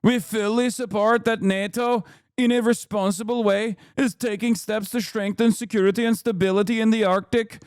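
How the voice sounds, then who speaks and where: A measured Norwegian-accented head of government delivers a formal statement, as a man does the voice. The tone stays stiff and official, in a bright, clean voice recorded close and dry. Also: sits high, steady tone, clean tone, dry recording. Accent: put-on Norwegian. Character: Norwegian male prime minister, formal, measured.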